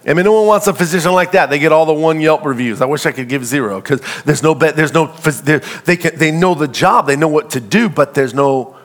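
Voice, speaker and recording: Speaking a little fast with few pauses in a slightly high voice, a middle-aged pastor delivers an animated, conversational sermon. He calls out to the congregation call-and-response style and acts out small scenes.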